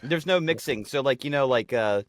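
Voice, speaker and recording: A man's voice: medium pitch, expressive, moderate pace, no echo. Guy rambling thru a crude story on a podcast, swears a lot, dry close sound. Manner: rambling, profane, self-mocking. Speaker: podcast co-host. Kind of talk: casual chat, comic storytelling.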